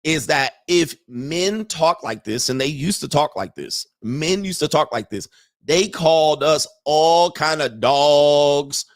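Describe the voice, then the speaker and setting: A man's voice: a little high, lively intonation, takes it slowly, no echo, clean studio sound. A middle-aged man hosting a commentary show, reacting to interview clips in a blunt, slangy, profane way. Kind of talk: casual commentary.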